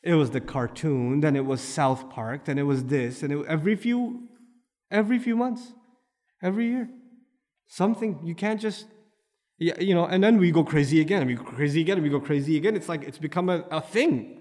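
A man's voice: fairly high pitch, brisk, a little mellow, big-room sound. A man preaching a sermon, firing off rhetorical questions and building to emphatic peaks. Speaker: Islamic preacher.

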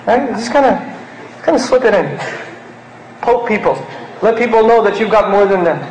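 High-pitched guy from pakistan preaching, chatty, acts stuff out, echoey hall. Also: expressive, moderate pace, a little mellow, a little hiss or hum. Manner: conversational, acts out mocking bits. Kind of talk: sermon.

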